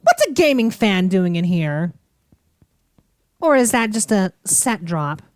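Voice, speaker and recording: A woman's voice: medium pitch, big pitch swings, slow, no room sound. A young woman playing through a game with playful, theatrical, teasing commentary. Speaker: gaming streamer. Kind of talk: let's play commentary.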